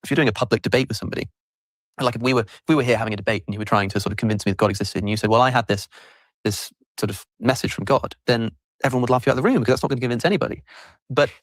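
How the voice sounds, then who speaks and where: Very fast-talking man arguing in a debate. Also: mid-range voice, no room sound. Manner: rapid, articulate reasoning with small restarts. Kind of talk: debate argument.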